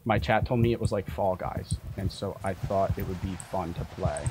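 A man's voice: low-pitched, moderate pace, background noise. A young man streaming a horror game, muttering to himself, then shrieking and cursing in panic. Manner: swings from mumbling to panicked shrieking and swearing. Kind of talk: gaming commentary. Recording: game music playing behind.

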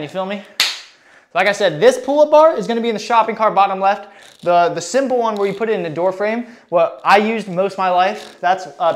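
An out-of-breath man live-streaming a workout, chatting with viewers in a hyped, slangy way while exercising. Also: sits high. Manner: hyped, slangy, reads chat aloud. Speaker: fitness streamer.

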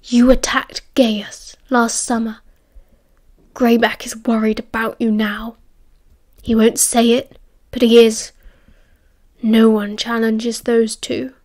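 A woman's voice: a little high, flat delivery, slow pace, long pauses. A woman whispering as a sly young male werewolf schemer. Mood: scornful. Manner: hushed, urgent whispering.

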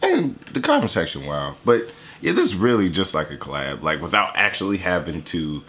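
Young male YouTuber, low voice with a wide, lively range, casual and profane reaction chatter. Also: brisk. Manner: loose, joking, swears a lot, voices mocking impressions. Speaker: YouTuber reacting to a diss track.

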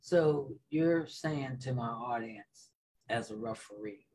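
A man's voice: mid-range voice, takes it slowly, darkish tone, husky, poor audio. A man hosting a podcast, asking probing questions in a conversational, colloquial way. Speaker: podcast host. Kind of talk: casual interview talk.

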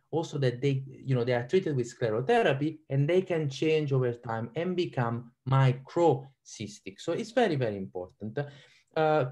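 A man with an Italian accent giving a live online radiology lecture, quizzing his audience and often repeating himself. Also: a little high. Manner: animated, quizzes audience with frequent ums and repeats.

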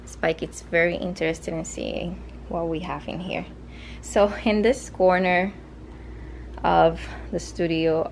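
A woman's voice: on the low side, a little hiss or hum. A woman casually narrating a tour of her home craft studio, chatting loosely with fillers and restarts.

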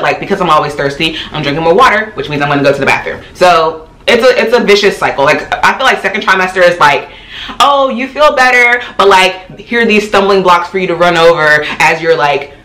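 Tired chatty woman vlogging at home, talks fast, bright voice, roomy echo. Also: on the low side. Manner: fast-talking, chatty, many fillers. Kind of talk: casual chat to camera. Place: home apartment. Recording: echoey room.

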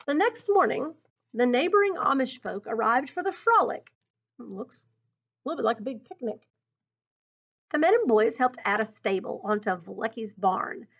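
A woman reads a picture book aloud in an expressive, teacherly manner, stopping to muse on the story. Her voice is high and very animated. The recording is dull and lo-fi. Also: normal speed, husky. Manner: expressive, teacherly, thinks aloud between passages. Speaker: storybook reader.

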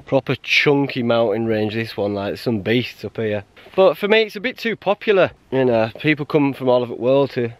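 A man chatting casually while hiking a mountain trail, blunt and quick to laugh. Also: mid-range voice, expressive. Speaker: hiker vlogger. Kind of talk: casual outdoor vlog chat.

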